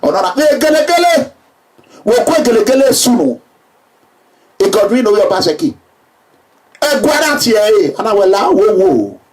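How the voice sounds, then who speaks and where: A Nigerian man giving an emphatic public address, repeating himself and breaking into shouts. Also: high-pitched, big pitch swings, moderate pace, long pauses, recorded from a distance. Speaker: political speaker.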